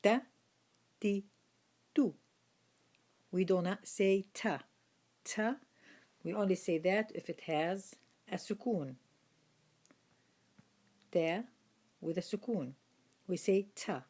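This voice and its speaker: This is a woman with a fairly low voice teaching Quran reading. She talks very slowly and patiently, naming each letter and repeating its sounds. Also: a little mellow. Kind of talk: slow lesson on Arabic letters.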